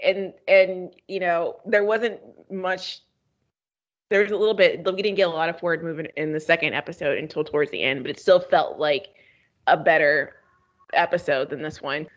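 A co-host grumbles about a dull episode with easy, wry humor, laughing along the way. The delivery is relaxed and conversational. The recording sounds slightly muffled and lo-fi. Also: medium pitch, moderate pace. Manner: laid-back, wry, laughs while griping. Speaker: podcast co-host. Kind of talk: casual TV recap chat.

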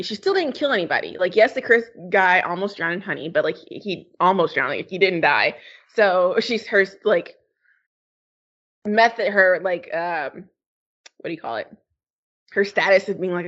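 A woman's voice: medium pitch, fairly bright tone. A woman chatting casually as a podcast co-host, rambling and laughing often. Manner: giggly, rambling, quick to laugh. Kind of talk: casual chat. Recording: slightly dull lo-fi sound.

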